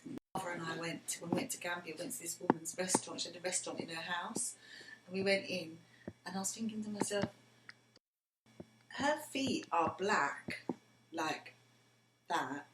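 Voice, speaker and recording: Earnest woman, low-pitched, roomy. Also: moderate pace, long pauses. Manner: earnest, often drops to a near whisper. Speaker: interviewee, mother of the interviewer. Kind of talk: personal storytelling in conversation. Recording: roomy with faint background noise.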